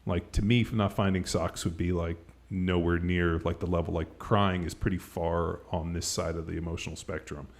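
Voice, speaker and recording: A middle-aged man hosts a podcast in loose, casual chat, circling his points with plenty of "like" and a stray curse. His voice sits very low with a gravelly edge. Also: level tone, moderate pace, hardly any pauses. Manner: rambling, heavy use of "like", casual swearing. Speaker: podcast host.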